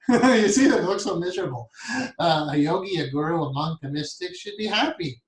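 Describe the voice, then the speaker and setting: A soft-spoken male meditation teacher with a slightly high voice, talking calmly through a breathing lesson. He chuckles often between explanations. The sound carries a noticeable room echo. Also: a little fast. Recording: echoey room.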